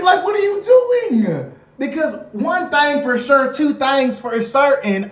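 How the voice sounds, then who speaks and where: A woman in her twenties ranting dramatically to camera, firing loud rhetorical questions and playful slang. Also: fairly high pitch. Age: 20s. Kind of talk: animated rant to camera. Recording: roomy, a bit far from the mic.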